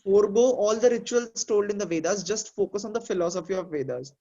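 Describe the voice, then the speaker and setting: High-voiced man musing in a muffled call. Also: a little fast, mellow. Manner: thoughtful, explains with examples, many fillers. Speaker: discussion participant. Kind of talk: casual group discussion.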